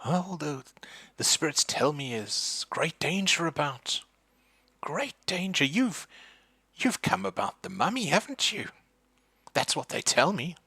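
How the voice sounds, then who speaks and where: Man doing an old lady psychic for a tabletop game: high falsetto, fluttery, fussy. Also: very animated, measured pace, bright, forceful tone, slightly rough, dry recording, heavily acted. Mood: ominous.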